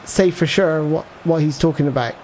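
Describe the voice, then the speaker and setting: Male livestreamer, slightly raised pitch; loose, meandering play-by-play and chat replies. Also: normal speed, a little mellow, slight background noise. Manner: rambling, thinks aloud, reads out viewer chat. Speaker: gaming livestreamer. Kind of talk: casual live gameplay commentary.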